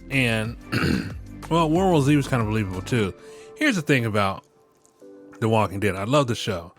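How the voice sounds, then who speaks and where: A middle-aged man hosting a podcast, joking and ranting with profanity, often breaking into laughter. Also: medium pitch. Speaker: podcast host. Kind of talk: casual podcast commentary.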